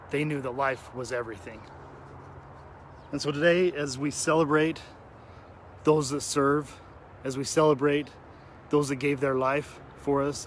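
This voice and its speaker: A man's voice: mid-range voice, slight background noise. A man talking earnestly to his viewers outdoors, emotional and tearful at times. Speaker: vlogger addressing his audience. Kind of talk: heartfelt outdoor vlog talk. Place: outdoors at a cemetery.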